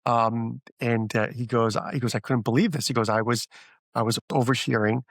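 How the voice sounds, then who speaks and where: A middle-aged man talks through a casual business interview, circling his points with fillers and false starts. His voice sits at an ordinary pitch. The recording is close and dry. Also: moderate pace, no room sound. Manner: rambling, many fillers and restarts; animated when retelling stories. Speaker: franchise founder guest.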